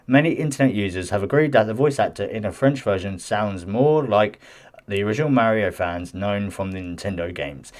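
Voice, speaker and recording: A man with a fairly low voice talks through gaming news in a loose, chatty way. He reads an article aloud, breaking off for defensive asides and often tripping over his words. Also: brisk. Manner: chatty and defensive, stumbles and restarts while reading. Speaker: gaming news channel host. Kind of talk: casual commentary mixed with reading news aloud.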